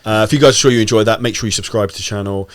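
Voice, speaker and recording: A man hosting a podcast, chiming in briskly and wrapping up the show. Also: on the low side. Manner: brisk, agreeable interjections. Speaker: podcast host. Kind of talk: casual podcast interview.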